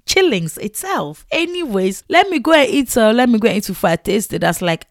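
Lively Ghanaian woman telling stories. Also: medium pitch, fairly quick, few pauses, no echo, studio quality. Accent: Ghanaian English. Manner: animated, exclamatory, acts out her own past reactions. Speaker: vlogger. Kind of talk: casual storytelling to camera.

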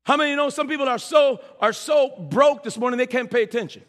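A man preaching a sermon as pastor, animated and teasing, with shouted peaks and asides to the congregation. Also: very high voice, fairly quick. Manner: humorous, teasing. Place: church sanctuary. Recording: long hall reverb in a church.

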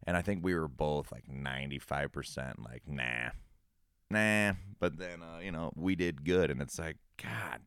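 A young man with an extremely deep, smooth and resonant voice, talking in a relaxed, casual chat. He swears freely and laughs easily. The sound is dry and close, with no room echo. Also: normal speed. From Minnesota. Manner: laid-back, swears freely, laughs often. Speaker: hot sauce maker.

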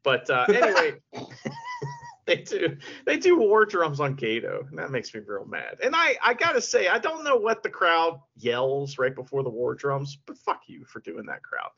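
A man co-hosting a podcast in casual chat, excitable and profane, with laughing asides. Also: a little high, normal speed, vocal fry, breathy edge. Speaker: podcast co-host. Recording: dull lo-fi sound.

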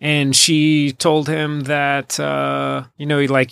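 A man's voice: fairly high pitch, little pitch movement, takes it slowly, vocal fry, a bit bright, clean tone, no echo, studio quality. A man co-hosting a podcast, chatting casually and arguing his points with easy laughter. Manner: casual, argumentative, laughs easily. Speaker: podcast co-host. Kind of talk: casual chat.

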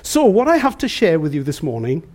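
An animated male preacher delivering a sermon in a church. His voice sits high and leaps around with great liveliness. He turns to the congregation with questions, then swings from shouting down to near hush. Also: fairly quick. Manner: animated, swings between shouting and hushed tones; chatty with the congregation, asks them questions. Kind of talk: sermon with storytelling.

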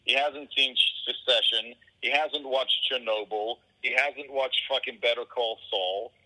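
Bright-voiced man ranting with profanity. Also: medium pitch, fairly even intonation, unhurried, poor audio. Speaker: guest. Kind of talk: casual conversation.

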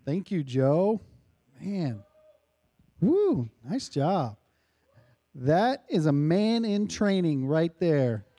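A man emcees a church gathering with playful banter. His voice is high and very lively in pitch, and he talks slowly with a warm, mellow tone. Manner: playful and joking. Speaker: host introducing speakers.

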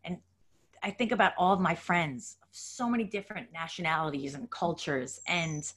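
Gushing podcast host woman, lowish voice. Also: a bit bright. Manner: gushing, grateful, halting restarts. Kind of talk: casual interview chat.

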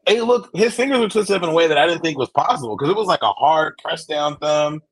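A man's voice: on the high side, expressive, fast talker, husky. A man co-hosting a sports podcast, laid-back and teasing in casual chat. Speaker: podcast co-host.

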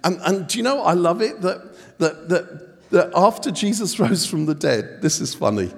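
A man's voice: sits high, expressive, moderate pace, creaky, breathy edge. A man giving a humorous guest sermon, telling stories and joking with his listeners. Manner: jokey storytelling, bantering with the audience. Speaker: guest preacher. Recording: long hall reverb.

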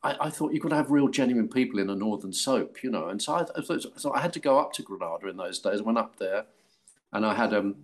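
Older English male actor, lively raconteur, lowish voice, voices the people in his stories. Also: fast talker. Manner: animated storyteller, acts out quoted voices, laughs often. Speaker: actor guest. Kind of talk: anecdotal interview.

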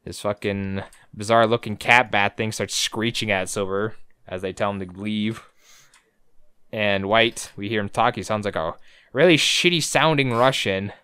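A man's voice: on the low side, normal speed, pushed and bright, smooth, no echo. A man co-hosting a podcast, recapping episodes in a joking, profane, rambling way. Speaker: podcast co-host. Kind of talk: casual recap chat.

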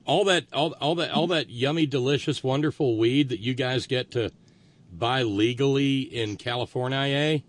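A man's voice: medium pitch, moderate pace. A man, co-hosting casual podcast banter in a joking, folksy, rambling way.

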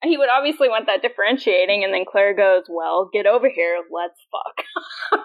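A young adult woman co-hosting a podcast in casual chat, animated and laughing as she acts out quoted lines. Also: medium pitch, quick pace, phone-quality sound. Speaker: podcast co-host.

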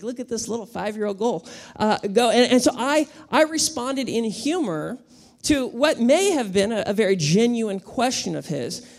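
Pastor guy in his 30s, real high voice, joking story-driven sermon. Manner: animated storytelling with humor.

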